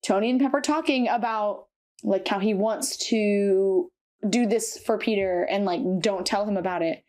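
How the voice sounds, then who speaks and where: A woman's voice: mid-range voice, normal speed, a little mellow. A young woman co-hosting a podcast, retelling stories in casual chat with lots of fillers. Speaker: podcast co-host.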